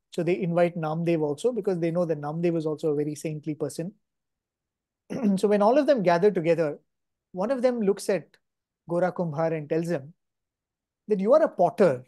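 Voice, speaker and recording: A man giving a devotional talk at a spiritual gathering, telling a story at an unhurried pace with frequent pauses and self-corrections. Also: fairly high pitch, mellow, no room sound. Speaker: guest speaker at a spiritual gathering.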